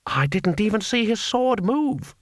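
A man playing a jittery fussy taxman, high and drawn out. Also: expressive, pushed and bright, no room sound, studio quality, exaggerated voice. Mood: alarmed. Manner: high, slow and fretful. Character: anxious fussy male tax gatherer.

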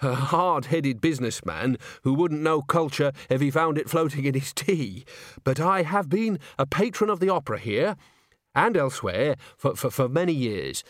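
A blustering middle-aged businessman put on by a man reading aloud, defensive and stumbling over his words. The sound is close and dry, with lively pitch. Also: normal speed, dry recording. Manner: hesitant, defensive.

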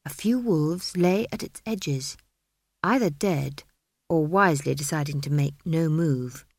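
A woman narrating an audiobook in a measured, dry storytelling manner. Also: sits low, no echo.

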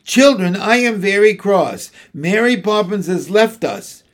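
A man voicing a cross, indignant mother in a storybook reading, with a shrill, huffy manner. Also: sing-song, measured pace, slightly rough, full character voice. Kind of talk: audiobook character voice.

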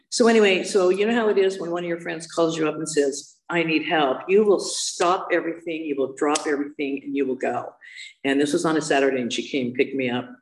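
A woman sharing her personal recovery story in a candid, self-mocking way, quoting others with lively voices. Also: low voice. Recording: roomy, distant from the mic.

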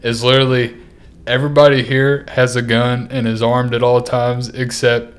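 A man's voice: mid-range voice, little pitch movement, normal speed. A young man with a Kentucky accent, co-hosting a casual podcast, laid-back, laughing often and swearing freely. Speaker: podcast co-host. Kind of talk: casual chat.

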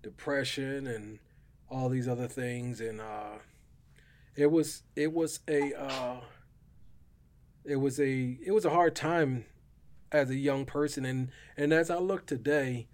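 A man's voice: medium pitch, fairly even intonation, takes it slowly, a little mellow. A middle-aged man telling his personal faith testimony as a podcast guest, in an earnest, emotional way.

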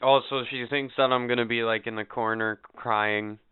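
A man's voice: medium pitch, fairly even intonation, normal speed, clear, resonant tone, no room sound. A young man cohosting a casual podcast who swears constantly and gripes nervously about his wife going into labor. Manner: profane, anxious griping, heavy swearing. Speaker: podcast co-host. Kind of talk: casual crude banter. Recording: tinny phone-like lo-fi audio.

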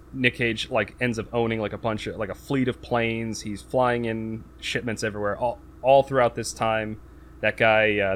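Low-voiced man rambling through a plot recap. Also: fairly bright tone, slight background noise. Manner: rambling, many fillers and restarts; acts out quotes in raised voice. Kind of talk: casual movie recap chat.

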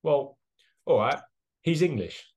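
A man's voice: a little high, expressive, takes it slowly, a little mellow. A man, co-hosting a casual sports podcast, speaking bluntly and sarcastically with casual swearing. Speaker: podcast co-host.

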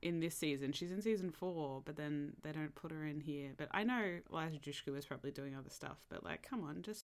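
A woman's voice: low voice, a little fast. A woman co-hosting a podcast in casual chat, talking with many fillers and laughing often. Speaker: podcast co-host.

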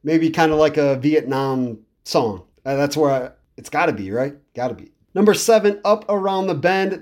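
Enthusiastic rambling man, slightly high voice. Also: darkish tone. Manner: enthusiastic, rambling, repeats himself for emphasis. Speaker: podcast host. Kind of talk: casual music review monologue.

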